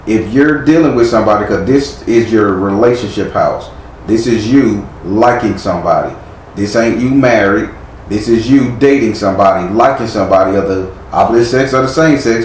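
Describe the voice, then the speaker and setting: A man giving a live tarot reading, blunt and chiding with casual slang. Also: lowish voice. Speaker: tarot reader. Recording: echoey room with faint noise.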